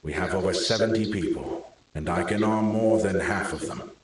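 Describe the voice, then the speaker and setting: A man voicing a stern leader who softly warns rivals to stay away, in a storybook reading. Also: low-pitched, normal speed, close to an everyday voice. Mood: cold warning. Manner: quiet, threatening. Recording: very echoey room.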